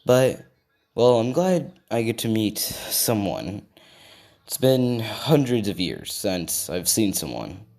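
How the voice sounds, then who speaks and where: A man's voice: fairly low pitch, big pitch swings, slow, darkish tone, heavily acted. A man voicing a lonely, sheepish storm dragon trapped in a cave, in his own plain voice. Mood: chatty.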